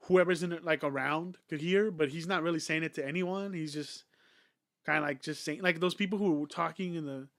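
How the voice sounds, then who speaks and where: A man's voice: on the high side, steady tone, a little fast, a bit bright, dry recording, clean studio sound. A young man hosting a podcast, telling stories in a rambling, profane way, full of "like". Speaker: podcast host. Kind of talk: casual chat.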